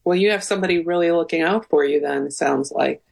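A woman guest on a radio show, speaking calmly and earnestly with hesitant fillers. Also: sits low, fast, vocal fry, poor audio. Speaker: guest researcher. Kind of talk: radio interview.

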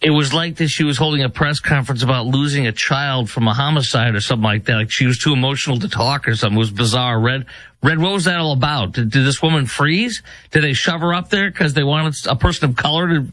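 A man's voice: medium pitch, fast talker, a bit bright. A man hosting a casual commentary show, mocking and laughing as he reacts to clips. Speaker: show host.

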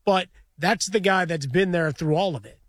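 A man's voice: high-pitched, normal speed, no room sound. A man co-hosting a sports radio show from a studio, talking in a wry, opinionated way full of idioms. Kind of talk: casual radio banter.

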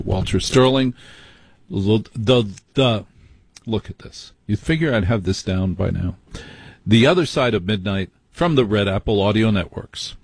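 Male late-night radio host, husky voice, blunt and indignant, dry close sound. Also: fairly low pitch, measured pace, no room sound. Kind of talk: call-in radio talk.

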